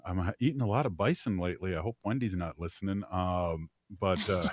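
A man's voice: deep voice, fairly quick, no echo, studio quality. A man hosting a community radio show, chatting casually with many fillers and easy laughs. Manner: rambling, filler-heavy, laughs easily. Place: radio studio.

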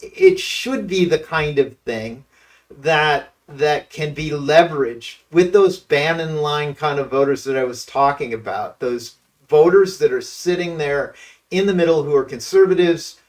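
A man's voice: fairly high pitch, lively intonation, unhurried, distant mic. A man appearing as a political consultant guest on a talk radio show, blunt and emphatic with hesitant starts.

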